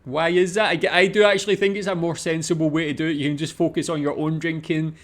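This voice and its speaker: A Scottish man hosting a casual reaction video, repeating foreign words slowly and chatting between them. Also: fairly high pitch, little pitch movement. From Scotland.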